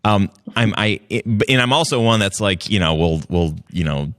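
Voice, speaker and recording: A man's voice: lowish voice, expressive, moderate pace, a bit bright, no room sound, clean studio sound. A man hosting an interview, talking casually with many restarts and a jokey manner. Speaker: podcast host.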